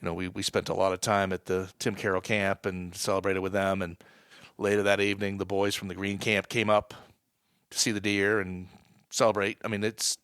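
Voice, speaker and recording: A man with a New England accent, telling a lively hunting story as a guest on a podcast interview. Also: sits low, a little fast, smooth, no echo, clean studio sound. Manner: animated hunting story, builds excitement. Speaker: guest, wildlife department staff.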